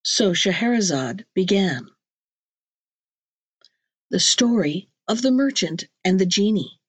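A woman narrating a classic storybook in a measured, clear reading voice. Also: mid-range voice, big pitch swings, no echo. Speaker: audiobook narrator.

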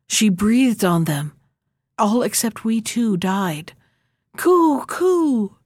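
A woman voicing a pair of mournful wood pigeons in a storybook reading, cooing in a high voice. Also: takes it slowly, darkish tone, breathy edge, no echo, clean studio sound.

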